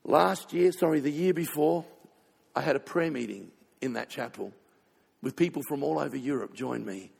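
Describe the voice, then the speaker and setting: A man pastor preaching a sermon, telling stories with sudden swings between loud passages and hushed ones. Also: on the high side, normal speed, gravelly, husky. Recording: reverberant hall.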